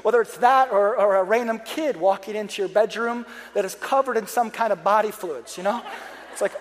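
A man's voice: sits high, normal speed. A young adult man preaching a sermon, chatty and joking, turning earnest and pleading when he prays. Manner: conversational, joking asides, earnest prayer passages. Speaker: pastor. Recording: long hall reverb.

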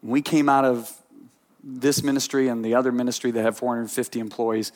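Speaking fairly quickly in a mid-range voice, a male pastor delivers a sermon full of animated storytelling. He alternates hushed asides with forceful, emphatic moments.

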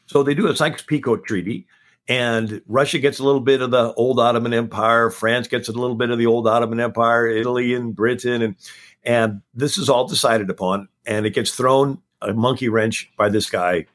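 A man appearing as a historian guest, giving a rapid-fire history lecture on a talk show and packing in facts one after another. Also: medium pitch.

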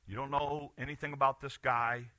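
A man preaching a sermon as pastor, animated, swinging from loud bursts to quiet asides. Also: mid-range voice, moderate pace, dry recording.

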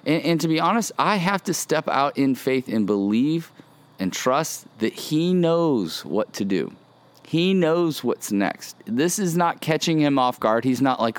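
A man's voice: mid-range voice, very animated, moderate pace. A man hosting a casual devotional podcast outdoors, speaking earnestly and encouragingly and often repeating phrases. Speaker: podcast host. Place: outdoors by a pool.

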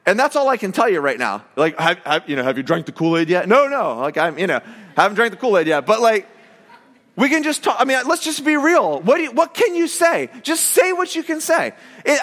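A male pastor giving a conversational, animated sermon, full of fillers and restarts, in a church. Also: very high-pitched, long reverb tail. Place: church hall.

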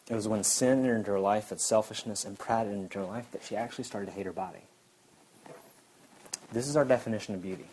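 A man's voice: lowish voice, darkish tone, a little hiss or hum, low-quality recording. A man preaching a sermon in an earnest, emphatic way, repeating his key points.

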